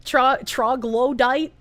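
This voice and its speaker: A woman streamer chatting casually and reading viewer comments aloud, giggly and animated, swearing freely. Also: high voice, extremely slow. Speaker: live streamer.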